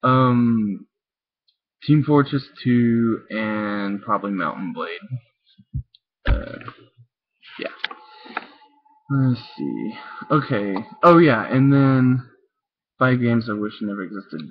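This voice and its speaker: A young man answering viewer questions in a loose, rambling chat full of fillers and little chuckles, talking into his webcam. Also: fairly low pitch. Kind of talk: casual chat. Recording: tinny lo-fi webcam audio.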